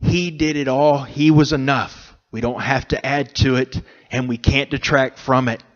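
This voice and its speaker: A man delivers a slow, heartfelt sermon in a church, letting long pauses fall between his phrases. His voice sits at a middle pitch, and the recording sounds dull and lo-fi. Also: steady tone. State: emotional, choked up. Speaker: preacher. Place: church sanctuary.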